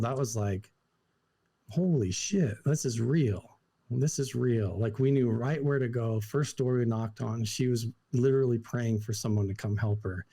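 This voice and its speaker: A young man from Idaho, a podcast guest, telling a personal story in a casual, animated way, full of "like" and acted-out quotes. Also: mid-range voice. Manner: animated, lots of "like" fillers, acts out quotes.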